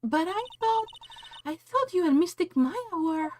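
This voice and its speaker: A man voicing an excitable little girl from a courtroom game, shrill, wide-eyed and scolding. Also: unhurried, slight background noise. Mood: shocked. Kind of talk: reading game dialogue aloud.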